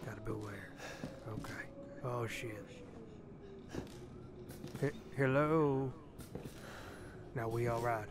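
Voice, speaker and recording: A man doing a crude, slow-talking bumbler. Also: mid-range voice, lightly acted. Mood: grumbling. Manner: vulgar, rambling, muttering to himself. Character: crude dim-witted man searching a derelict house. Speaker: comedic dub voice. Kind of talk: parody voice-over of game footage. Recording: game ambience noise behind the voice.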